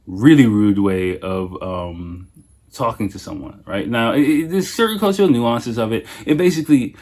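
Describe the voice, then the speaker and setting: A man's voice: medium pitch, moderate pace, a little mellow. A man in his thirties, a native English speaker hosting a casual solo podcast, telling stories animatedly, swearing freely and laughing often. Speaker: podcast host.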